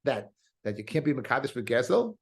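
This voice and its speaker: A man's voice: mid-range voice, big pitch swings. A rabbi teaching a daily Talmud class, reading Aramaic phrases and explaining them in casual English, often restarting his sentences. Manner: explains in a quick mix of Hebrew-Aramaic terms and English, with restarts.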